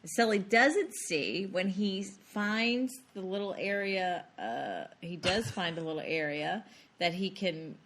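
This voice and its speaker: A woman's voice: fairly low pitch, animated, slow, a bit bright. A woman co-hosting a podcast, chatting playfully and recapping scenes from a movie. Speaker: podcast co-host. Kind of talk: casual movie discussion.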